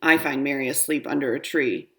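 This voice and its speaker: A woman's voice: a bass voice, brisk, sharp tone. A woman reading a children's book aloud, narrating expressively in a young girl's first-person voice. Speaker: audiobook reader.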